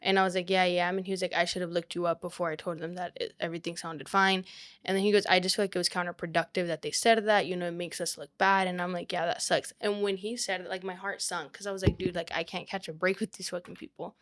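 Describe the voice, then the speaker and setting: A woman's voice: on the low side, quick pace. A young woman, a real estate agent, telling a story in casual chat, full of "like" and quoted speech. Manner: animated, quotes people often with "like".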